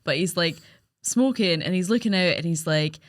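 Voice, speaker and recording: A woman, co-hosting a podcast and chatting about a film in a lively, amused way. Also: on the low side, normal speed, no echo, studio quality. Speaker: podcast co-host. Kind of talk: casual chat.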